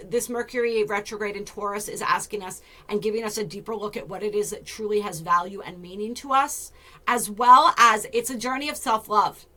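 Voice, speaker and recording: Bright-voiced woman giving an astrology talk. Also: mid-range voice. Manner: flowing, searching for words, thinking aloud. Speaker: astrology channel host.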